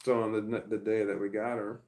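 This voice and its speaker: Gravelly low-voiced man telling a story. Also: little pitch movement, fairly quick, a little mellow, rough recording. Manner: rambling, frequent swearing and restarts. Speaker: vlogger. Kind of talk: casual storytelling monologue.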